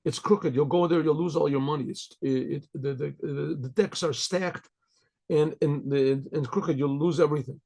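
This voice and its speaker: A matter-of-fact bartender gives blunt warnings, as a rabbi telling a joke puts him on. The voice is husky and gravelly. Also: male voice, fairly high pitch, steady tone, moderate pace, darkish tone.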